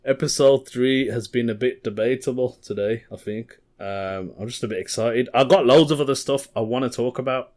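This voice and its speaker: A man's voice: mid-range voice, moderate pace, few pauses, darkish tone. A young man hosting a casual comedy podcast, rambling through stories and chuckling as he goes.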